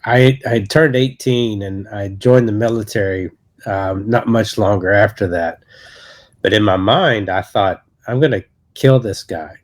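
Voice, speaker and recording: An associate pastor in his thirties shares his personal testimony during a podcast interview, speaking haltingly and earnestly and often starting sentences over. His pitch is fairly low and his tone stays steady.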